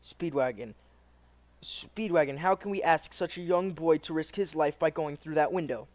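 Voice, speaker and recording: Woman reading as a gruff tough man, blunt and rough, dropped low, dry read. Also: normal speed, darkish tone, dry recording, natural voice. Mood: worried.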